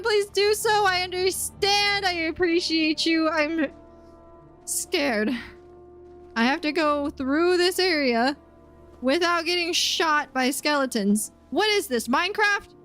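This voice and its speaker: A woman streaming a game, chatting casually and excitably, yelping and laughing as she plays. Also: extremely high pitch, unhurried, faint music behind. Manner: chatty and excitable, yelps and laughs while playing. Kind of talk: casual gaming commentary.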